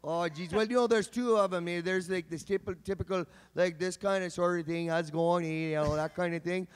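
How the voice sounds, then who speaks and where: A man's voice: high voice, steady tone, brisk, clean tone, big-room sound. A man from British Columbia, a voice actor chatting casually and joking on a convention panel. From British Columbia, Canada. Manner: jokey, rambling.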